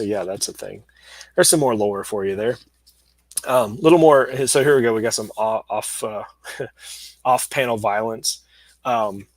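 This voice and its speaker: A man's voice: lowish voice, no echo, rough recording. Rambling man chatting about comics. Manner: rambling, many fillers and restarts; excited bursts, chuckling. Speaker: comic creator and channel host. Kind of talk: casual chat flipping through comics.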